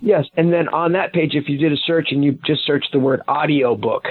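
A man's voice: on the high side, a little fast, slightly rough, no echo. A man, a guest author and investigator, explaining things at length with some restarts over the phone. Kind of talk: casual interview talk. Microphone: phone call. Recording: tinny phone line.

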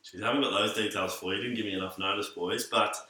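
A man's voice: fairly low pitch, fairly even intonation, rapid-fire, pushed and bright, very echoey, poor audio. An Australian man as a podcast guest, laid-back and playfully grumbling. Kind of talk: casual banter podcast.

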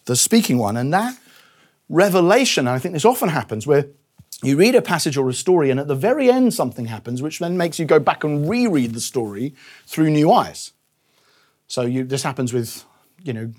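A man preaching a sermon in a conversational, animated way, acting out quoted voices. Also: husky. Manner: conversational, animated, quoting voices with shifts in pitch and volume.

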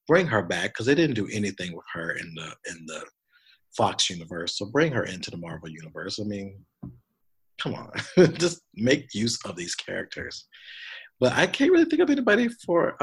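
Husky-voiced man in casual chat. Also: fairly low pitch, moderate pace. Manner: animated, rambling with fillers. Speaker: podcast co-host.

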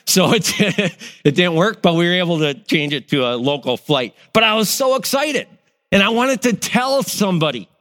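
A man's voice: high-pitched, moderate pace, long reverb tail. A middle-aged male pastor, telling stories in a sermon and acting out the voices in them. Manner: animated storyteller, acts out quoted voices. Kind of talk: sermon with personal storytelling.

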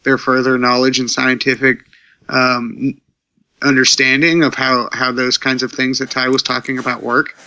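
A man co-hosting a casual podcast chat, teasing and cracking quick jokes. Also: medium pitch, flat delivery, bright, forceful tone, smooth, no echo, dull audio.

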